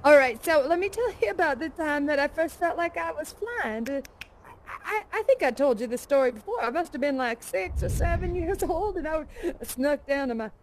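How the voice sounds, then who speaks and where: A woman's voice: high voice, animated, normal speed, a little hiss or hum. An actress playing a folksy, adventurous woman aviator in a live immersive theater show, chatting and telling stories in an exclamatory way.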